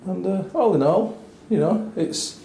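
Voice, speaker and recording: A man's voice: sits high, measured pace, gravelly, warm tone. A man giving a chatty, wry walkthrough of a small hotel room for a travel review, with dry asides. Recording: echoey small room with faint noise.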